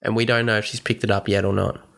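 Excitable man recapping a film. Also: lowish voice, vocal fry. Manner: excited, rapid retelling full of swearing. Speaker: podcast co-host. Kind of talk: casual film recap chat.

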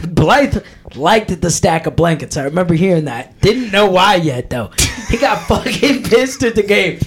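A man's voice: high-pitched, sing-song, unhurried, slightly rough, soft background music. A man hosting a podcast, telling stories with lots of swearing and laughter. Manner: profane, laughing storyteller. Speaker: podcast host. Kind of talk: casual chat.

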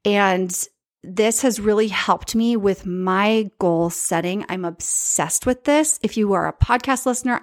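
Chatty emphatic woman podcast host. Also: medium pitch. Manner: emphatic and chatty, repeats key points; addresses live viewers directly. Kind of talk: casual solo podcast monologue.

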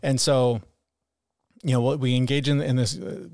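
A man's voice: medium pitch, fairly even intonation, normal speed, gravelly, darkish tone, no echo, studio quality. A man co-hosting a podcast, talking candidly and with plenty of swearing about self-criticism, sometimes acting out his own harsh inner voice. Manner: frank and profane, acts out his inner critic. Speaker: podcast co-host. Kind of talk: candid conversational chat.

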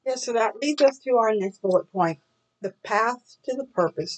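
A woman's voice: fairly high pitch, unhurried, poor audio. Earnest woman teaching a Bible study. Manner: earnest, asks searching questions. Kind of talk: sermon-style Bible teaching.

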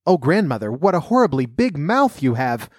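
A man voicing an innocent little girl in a red cap, gentle and wide-eyed. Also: a little high, sing-song, normal speed, no echo, clean studio sound, pitched above the performer's own voice. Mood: uneasy.

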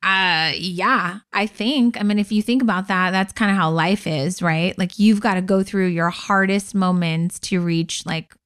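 A woman's voice: lowish voice, fairly even intonation, a little slow, hardly any pauses, smooth. A woman co-hosting a podcast, chatting effusively and filling her speech with "like". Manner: warm and effusive, leans heavily on "like". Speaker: podcast co-host. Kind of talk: casual podcast conversation.

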